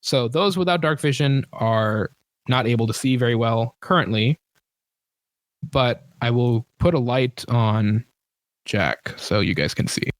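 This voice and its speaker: A man's voice: mid-range voice, animated, measured pace, no echo, clean studio sound. A man narrating a tabletop game as game master, casual and rambling, with many fillers and self-corrections.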